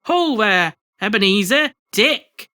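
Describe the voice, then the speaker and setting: A woman voicing a jovial, plump old male merchant who calls out heartily and loudly. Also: medium pitch, lively intonation, slow pace. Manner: hearty, loud calling out.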